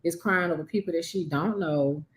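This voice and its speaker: Woman, lowish voice, blunt, teasing, casual chat. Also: moderate pace. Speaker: podcast co-host.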